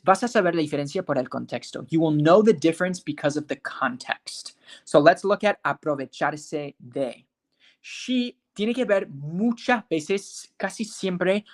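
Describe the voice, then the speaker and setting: An English teacher with a medium-pitched voice runs a live online class, saying example words slowly and carefully. Students are called on by name, and the teacher checks often that they follow.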